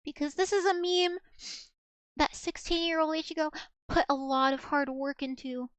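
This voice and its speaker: High-voiced rambling woman streamer. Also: normal speed, no room sound. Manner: rambling, filler-heavy, many restarts. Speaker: VTuber streamer. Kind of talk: casual livestream chat.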